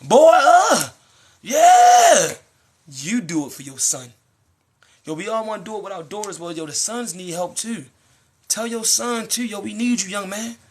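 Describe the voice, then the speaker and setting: A young American man in a casual live-stream monologue, animated and slangy, preaching to his viewers. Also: sits high, a little slow, slightly rough. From United States. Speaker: livestreamer.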